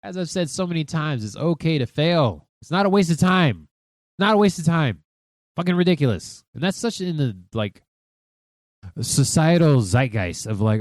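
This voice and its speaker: A man's voice: a little high, brisk, no room sound, studio quality. A man in his thirties hosting a solo podcast, talking with emphatic profanity and lots of self-talk. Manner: profane, emphatic, animated, talks to himself. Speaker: podcast host.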